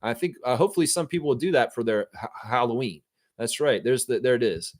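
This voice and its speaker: A male stream host talks in a loose, unscripted way, often swearing and reading out viewer comments. His voice sits at an ordinary middle pitch. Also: quick pace. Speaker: host of a fan live stream. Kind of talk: casual live-stream chat.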